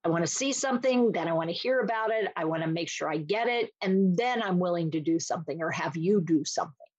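A woman's voice: lowish voice, quick pace, husky, dry recording, lo-fi sound. A woman explaining dementia care in a podcast interview, acting out small scenes and voices as she talks. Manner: animated, acts out little scenes with voices.

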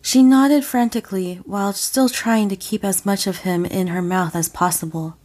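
A woman reading an audio story as a narrator, slow and deliberate. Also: mid-range voice, fairly even intonation, a little mellow. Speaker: audiofic reader.

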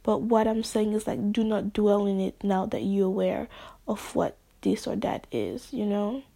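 A woman vlogger in a spontaneous, rambling monologue, using slang and sometimes dropping into soft whispers. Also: mid-range voice, a little slow, vocal fry.

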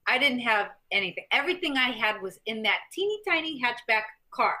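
A middle-aged woman from the US Midwest, a guest telling animated stories in an interview and acting out other people's lines. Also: on the high side, brisk. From Missouri, US Midwest. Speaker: guest, former champion fighter and stuntwoman. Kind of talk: interview storytelling.

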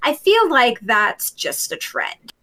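A woman's voice: fairly high pitch, wildly swooping pitch, slow, bright, forceful tone. A woman co-hosting a podcast, chatting casually and explaining things step by step. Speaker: podcast co-host. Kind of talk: casual podcast chat about roleplay.

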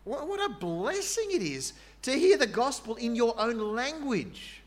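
A man preaching a sermon in an animated, conversational way, with fillers and asides. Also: very high-pitched, unhurried.

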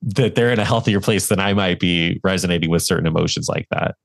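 A man with a very low voice hosts a podcast, asking his questions thoughtfully and often pausing to find the words. The sound is dry and close, with no room around him. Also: gravelly, no room sound. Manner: thoughtful, searching, halting phrasing. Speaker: podcast host. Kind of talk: casual conversation.

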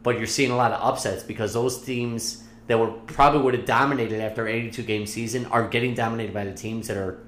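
A man's voice: medium pitch, steady tone, quick pace, hardly any pauses, fairly bright tone. Guy just rambling on in a casual chat, swears a bunch, echoey room w/ a little hum. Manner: rambling, swears freely, laughs a lot. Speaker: podcast co-host.

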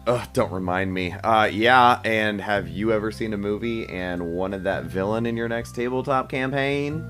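A man's voice: lowish voice, normal speed, a bit bright, faint music behind. A man co-hosting a casual podcast, joking and laughing often and launching into mock-nostalgic rants. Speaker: podcast co-host.

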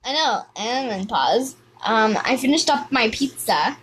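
An excitable woman chatters through her gameplay, exclaiming and repeating phrases in a sing-song lilt. Her voice sits a little high, with a faint hiss of noise under it. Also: measured pace, poor audio. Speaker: gaming video host. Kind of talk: live gameplay commentary.

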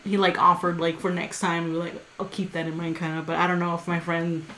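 A woman's voice: on the low side, brisk, slight background noise. Woman, podcast co-host, casual storytelling, rambling, swears, quotes people. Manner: rambling, animated retelling with quoted asides and swearing.

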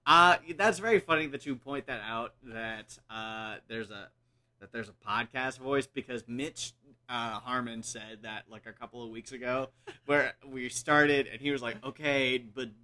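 A male podcast host chats from a couch at home in a very bright, forward voice. He projects like an old-time radio announcer and keeps things jokey and animated. His pitch sits in an ordinary middle range. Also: unhurried. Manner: projecting classic radio-style voice; jokey, animated, laughs often. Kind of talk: casual podcast chat.

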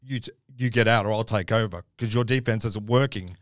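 A man co-hosting a casual podcast chat, passionate and sweary, getting loud when he is worked up. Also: on the low side, brisk, dry recording, clean studio sound. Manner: passionate, swears, raises his voice when excited. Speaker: podcast co-host.

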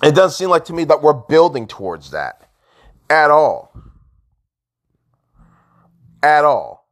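This man, a sports fan vlogger, vents his frustration in a casual rant at a moderate pace and with a sing-song delivery. He shifts back and forth between loud outbursts and quiet muttering.

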